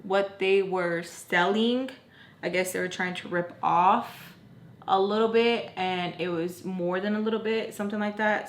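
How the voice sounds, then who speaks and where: A woman's voice: medium pitch, a bit bright. A young woman telling a story in a casual, candid way, with lots of fillers and free swearing. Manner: candid, chatty, swears freely, many fillers. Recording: roomy echo.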